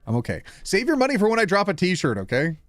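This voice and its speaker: Canadian guy streaming from home, playful and giggly, voice sits a bit high and bounces around, dry close mic with faint music under it. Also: huge pitch swings, quick pace, fairly bright tone, dry recording. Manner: bubbly and playful, laughs often. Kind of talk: casual live-stream chat.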